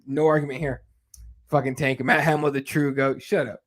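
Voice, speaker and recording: A man co-hosting a fight podcast in casual chat, swearing freely and telling animated stories. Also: a little high, a little fast. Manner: animated storyteller, swears a lot, laughs at own stories. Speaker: MMA podcast co-host. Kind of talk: casual profane chat, reading viewer comments.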